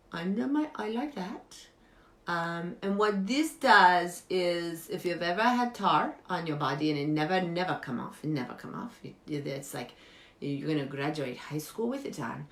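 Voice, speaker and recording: A quirky beauty guru, as a woman puts her on, talks with earnest, deadpan confidence and broken English. Her fairly low voice swings up and down with lively pitch. She is heard in a roomy, echoing space. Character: eccentric foreign woman giving absurd beauty tips. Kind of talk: improvised comedy character monologue. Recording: echoey room.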